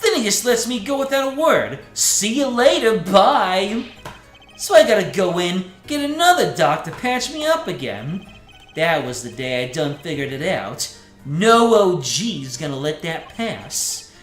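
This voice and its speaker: A man's voice: high voice, sing-song, unhurried, a bit bright, echoey room, faint music behind, voice pushed up, exaggerated voice. A man doing a brash young street-tough. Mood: boastful. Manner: slangy tough-guy swagger.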